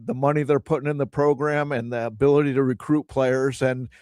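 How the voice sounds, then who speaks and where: A man's voice: mid-range voice, steady tone, fairly quick, a little mellow, smooth, dry recording, studio quality. A man co-hosting a sports radio show, casually posing questions and hypotheticals.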